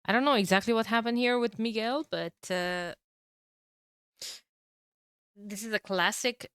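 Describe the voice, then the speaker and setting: A woman commentating a strategy game match, her voice hoarse from being sick, talking at low energy with throat-clearing and fillers. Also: a little slow, a bit bright, no echo. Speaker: tournament caster.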